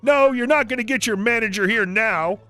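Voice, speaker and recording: A man voicing a shrill, entitled, angry middle-aged woman customer who makes indignant demands. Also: normal speed, bright, forceful tone, soft background music.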